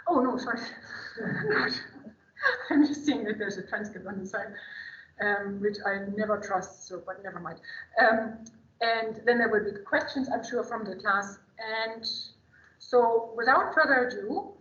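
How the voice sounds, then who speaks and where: Woman introducing a guest to her class, eager and chatty, lots of ums, kinda high voice, dull echoey video call sound. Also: measured pace, a bit bright. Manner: enthusiastic, chatty, with many fillers. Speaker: host and lecturer.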